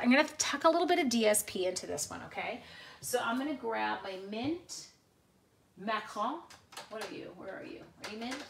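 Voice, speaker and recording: A woman's voice: a little high, a bit bright, a little hiss or hum. A woman, chatting casually as she hosts a craft demo and talks to viewers between steps. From Canada. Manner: chatty, giggly, with asides to viewers. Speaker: craft demonstrator and host.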